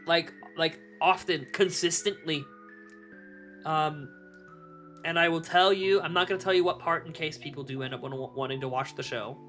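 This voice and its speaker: A young man streaming live, chatting casually to his viewers, animated, laughing often and swearing freely. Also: fairly high pitch, moderate pace, faint music behind.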